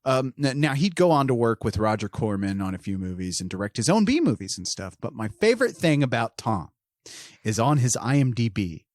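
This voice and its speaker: Brief: podcast co-host, loose and rambling, swears freely, pitch jumps around, dry close sound. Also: big pitch swings, brisk, darkish tone, no echo. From Oklahoma. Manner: profane, laughs often, rambling. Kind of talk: casual chat.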